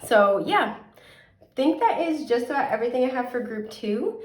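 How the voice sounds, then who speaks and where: A young woman giving a casual tarot reading in a chatty, gentle way, full of fillers, a little sniffly and now and then coughing. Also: a little high, big pitch swings, normal speed. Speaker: tarot reader. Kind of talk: casual pick-a-card reading. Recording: echoey room, mic at a distance.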